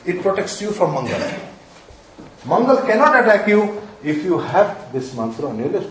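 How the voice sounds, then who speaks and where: Very animated and speaking at a moderate pace, a man with a high voice lectures astrology students, insisting on key points, repeating them, and questioning the class to check they follow. A faint hiss or hum accompanies strong room echo and a distant mic.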